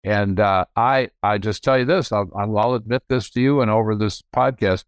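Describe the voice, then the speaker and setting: Frank and wandering, an older podcast guest tells stories about his family business, correcting himself partway through sentences. His voice is lowish and clean-toned, at a moderate pace. It's recorded dry and close, without any room sound.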